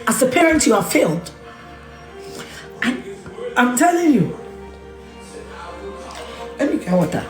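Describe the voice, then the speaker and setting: In a reverberant room with soft background music, a woman speaks at a measured pace with long pauses, her fairly high voice sing-song. This Ghanaian-accented media personality delivers an impassioned, scolding rant on camera, repeating phrases and weaving in Twi and Ga.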